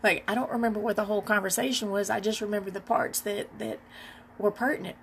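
A woman podcast host telling a personal story, candid and reflective, in an unhurried way with pauses. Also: medium pitch, fairly even intonation, a little hiss or hum.

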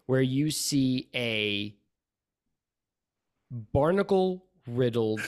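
A man's voice: mid-range voice, animated, clear, resonant tone. Man narrating as a tabletop game master. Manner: laughs often, narrates slowly with pauses.

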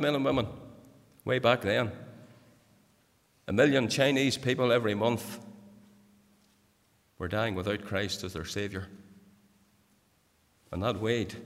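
A man delivers a sermon in a church, speaking to the congregation directly. His earnest voice climbs to emphatic peaks and then sinks into hushed pleas. It all rings out with a long reverb off the hall. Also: lowish voice. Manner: repeatedly addresses the congregation directly. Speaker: preacher.

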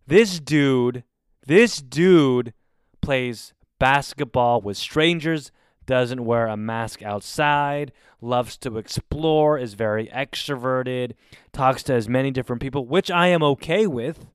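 A man in his twenties telling a story casually, in an animated and exasperated way with plenty of swearing. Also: medium pitch, slow pace, clear, resonant tone, dry recording, studio quality. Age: 20s. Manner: animated, profane, exasperated retelling. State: recovering from covid.

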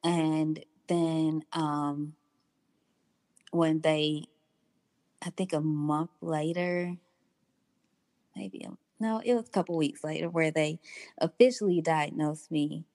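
A woman's voice: sits low, steady tone, darkish tone, dry recording. A woman guest in her thirties telling her personal story candidly, acting out the dialogue she recalls. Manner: candid, unhurried, acts out quoted dialogue.

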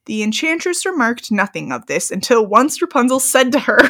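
A woman's voice: fairly high pitch, big pitch swings, normal speed, hardly any pauses, pushed and bright. A young woman reading a fairy tale aloud, breaking off into giggly, joking commentary. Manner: giggly, reads old-fashioned text then breaks into joking commentary. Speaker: story reader and co-host.

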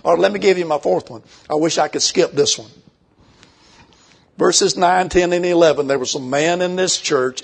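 An older man preaching a sermon, folksy and emphatic, slowing down when he reads scripture. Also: on the high side.

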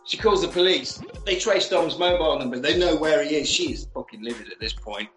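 A man recapping a film in a lively, casual and sweary way, acting out the lines as he goes. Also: a little high, brisk. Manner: animated, swears freely, acts out quotes. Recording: roomy echo, faint music.

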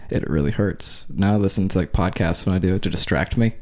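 A man's voice: low voice, fast talker. A young man co-hosting a casual podcast chat, goofy and laughing often as he runs through his bits. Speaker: podcast co-host.

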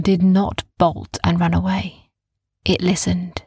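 A woman narrating a bedtime story in a soft, calm, gentle way, often sinking into a whisper, in a dry, close recording. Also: on the low side, gravelly, breathy edge, dry recording. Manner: slow, calm, gentle, repeating soothing phrases.

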